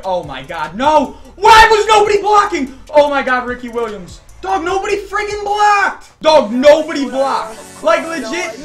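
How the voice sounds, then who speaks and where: A man commenting on his own football video game match, hyped and often shouting. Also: very high voice. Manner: hyped, frequent shouting and yelling. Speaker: gaming YouTuber.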